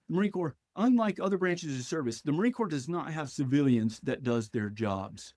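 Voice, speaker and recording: Animated male storyteller, dry sound. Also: on the high side, a little fast, dry recording. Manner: animated storyteller acting out dialogue. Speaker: podcast guest. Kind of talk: storytelling in a podcast interview.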